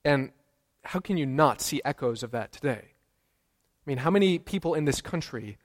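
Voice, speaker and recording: A man's voice: medium pitch, expressive, normal speed, in a large hall. A man preaching a sermon as pastor, earnest, repeating key phrases and quizzing his congregation. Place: church sanctuary.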